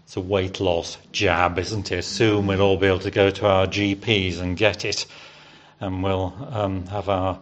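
A man's voice: low voice, level tone, a little slow. A man preaching a sermon in a church service, quizzing the congregation and having them repeat words after him. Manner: interactive, asks the congregation questions and leads repetition.

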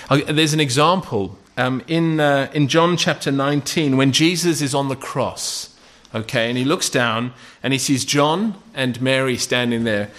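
A man's voice: mid-range voice, fairly bright tone. A man preaching a sermon in a conversational way, often checking in with "okay?" and asking rhetorical questions.

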